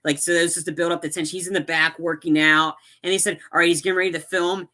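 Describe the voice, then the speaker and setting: A podcast co-host chats casually about films, rambling with plenty of fillers and restarts. He talks fast in a fairly high, flat voice with a sharp tone.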